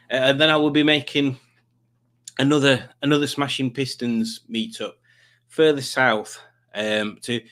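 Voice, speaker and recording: A man's voice: medium pitch, a bit bright. A man hosting a live stream, chatting casually and joking while reading out viewer comments. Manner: playful, jokey, chatty asides.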